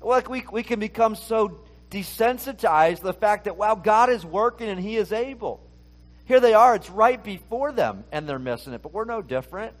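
A man's voice: sits high, animated, moderate pace. A male pastor preaching a conversational sermon, talking casually and asking the listeners many rhetorical questions.

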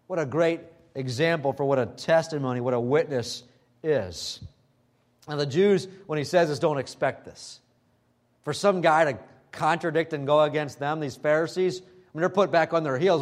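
A man's voice: fairly high pitch, normal speed. A man preaching a sermon emphatically, weaving in scripture quoted in old-fashioned wording.

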